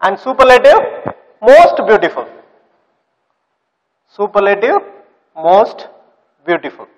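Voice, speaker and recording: A male teacher with a notably high voice explains grammar rules slowly and repetitively. He spells words letter by letter and keeps quizzing his class. His voice rings with a long echo, as if in a large reverberant room. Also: very animated. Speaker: English teacher.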